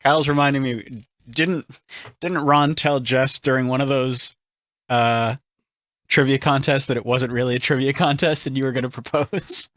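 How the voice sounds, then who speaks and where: A man's voice: medium pitch, steady tone, normal speed, a bit bright, no echo, studio quality. A man co-hosting a radio talk show, teasing his guest with prompting questions. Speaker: radio co-host. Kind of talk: casual radio chat.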